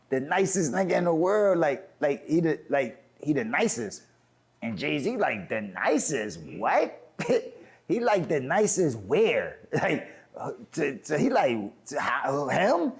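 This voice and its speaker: A man with a Philadelphia accent telling a profane, animated story, acting out quotes with big swings in pitch and filling his talk with "like". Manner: profane slang, frequent "like". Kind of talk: animated anecdote.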